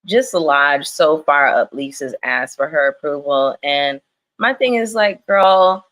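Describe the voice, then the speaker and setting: Chatty young woman recapping reality TV on a livestream, low voice, laughs easily. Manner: chatty and animated, laughs often. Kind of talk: casual livestream commentary.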